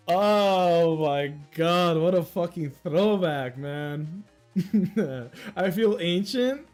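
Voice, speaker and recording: A young American livestream host with a Dominican-influenced accent chats casually with viewers, rambling through stories and laughing often. His voice is high-pitched, animated, and a little mellow, and he speaks extremely slowly while faint music plays behind him.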